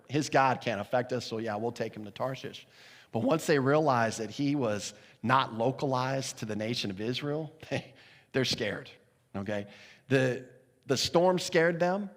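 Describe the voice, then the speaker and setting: A man delivers a sermon at a medium pitch, moving between explanation and playful retellings of the characters. His voice rings out with a long reverb in a large church space. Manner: animated, acts out the sailors' voices with laughs. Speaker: pastor. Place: church sanctuary.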